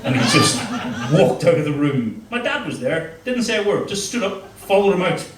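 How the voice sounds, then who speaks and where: A middle-aged comedian telling crude, self-mocking stories on stage, his voice sitting a little high for a man. The sound is an echoey club room picked up from some way off the mic, with a faint hum of ambience behind. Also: big pitch swings, normal speed, distant mic. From Northern Ireland. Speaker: stand-up comedian. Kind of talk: stand-up set.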